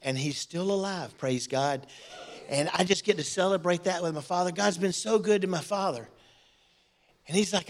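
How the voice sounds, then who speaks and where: A middle-aged male pastor preaching a sermon in a church, swinging between loud outbursts and quiet, emotional asides. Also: high-pitched, normal speed.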